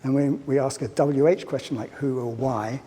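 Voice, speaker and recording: A man's voice: mid-range voice, steady tone, normal speed, mellow, a little hiss or hum. A man giving a public lecture, playful and fond of asking his audience questions. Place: lecture hall. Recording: lecture hall reverb, faint ambience.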